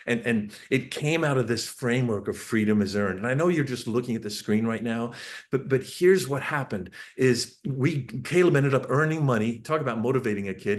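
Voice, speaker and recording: Lively, lower-voiced man telling family stories. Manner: lively storyteller who acts out family dialogue with bursts of emphasis. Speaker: parenting speaker. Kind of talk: storytelling talk to an audience.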